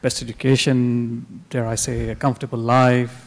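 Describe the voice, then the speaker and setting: A man's voice: medium pitch, level tone, moderate pace, creaky. A man in the audience asking a hesitant, thoughtful question as a parent. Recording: distant in a reverberant hall.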